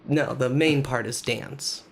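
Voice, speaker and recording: A sick man with a nasal voice co-hosting a casual podcast, joking in a dry, deadpan way. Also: medium pitch, slow. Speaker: podcast co-host.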